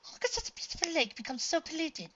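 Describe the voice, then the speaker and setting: A woman voicing a gentle pony princess in disguise who speaks in a formal, old-fashioned way. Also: extremely high pitch, sing-song, quick pace, muffled recording, voice pushed up, heavily acted. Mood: earnest.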